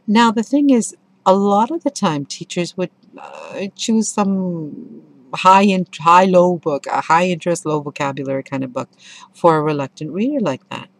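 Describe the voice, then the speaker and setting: A middle-aged woman with a notably low, deep voice reviews a book in a relaxed, conversational way. She tells stories expressively and with clear enthusiasm. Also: normal speed, no echo. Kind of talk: casual spoken book review with anecdotes.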